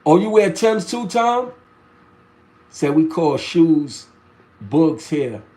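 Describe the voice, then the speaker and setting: High-ish new york guy in his 40s doing a loose live chat, keeps restarting sentences, lots of slang. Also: sing-song, slow pace, dark tone. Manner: rambling storytelling with restarts and slang. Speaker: live stream host reading chat.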